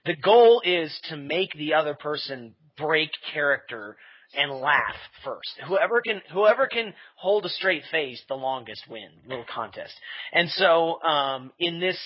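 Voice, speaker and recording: A man's voice: fairly high pitch, animated, a little slow, highs cut off. A man talking casually in a podcast interview, rambling with fillers and restarts and laughing at himself. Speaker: podcast creator being interviewed.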